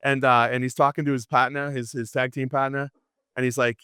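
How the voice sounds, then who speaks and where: A man teaching apologetics to a class, lively and storytelling, often restarting his sentences. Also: mid-range voice, a little fast, clear, resonant tone, no room sound, studio quality. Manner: animated, storytelling, frequent restarts and laughs. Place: classroom with students.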